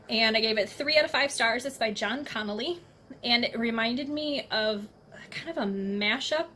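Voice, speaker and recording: A woman's voice: fairly high pitch, a bit bright, slight background noise. A young adult woman chatting casually and enthusiastically about books she has read, laughing often. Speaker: book reviewer. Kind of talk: casual book review vlog.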